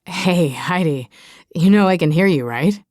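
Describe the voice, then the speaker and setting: A woman voicing a kind, amused young man in an audiobook, gentle and apologetic. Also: lowish voice, expressive, unhurried, dry recording, clean studio sound, pitched below the performer's own voice. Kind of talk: audiobook dialogue reading.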